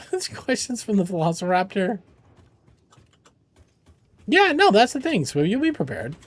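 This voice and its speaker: A man with a fairly high voice chats with his stream chat, rambling and joking while reassuring viewers. The sound is dry and close, with no room around it. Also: wildly swooping pitch, measured pace, no echo. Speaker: charity game streamer.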